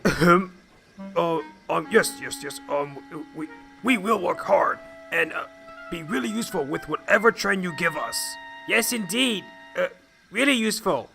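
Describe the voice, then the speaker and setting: A man's voice: high-pitched, animated, moderate pace, creaky, sharp tone, soft background music, pitched above the performer's own voice, full character voice. A man doing a stammering, nervous engine. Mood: flustered. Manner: stammering, fawning, filler-heavy.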